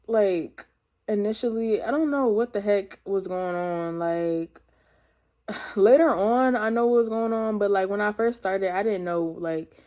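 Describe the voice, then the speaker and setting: A teenage woman tells her own story straight to her viewers. She rambles with many fillers and slips into casual slang, calling her audience y'all. Her voice sits at an ordinary middle pitch. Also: warm tone. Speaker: vlogger. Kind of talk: storytime testimony.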